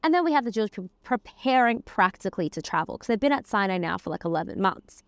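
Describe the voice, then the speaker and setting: A woman's voice: medium pitch, lively intonation, fast talker, no echo. A woman giving a conversational Torah lesson, weaving Hebrew terms and verses into her explanation. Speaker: Torah teacher. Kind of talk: casual spoken lesson on the weekly portion.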